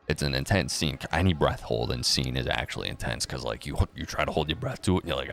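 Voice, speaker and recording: A man's voice: very deep voice, a little fast, creaky, hardly any pauses, fairly bright tone, faint music behind. A man giving casual, profane, sarcastic commentary, often mocking others by putting on voices. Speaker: crypto news commentator.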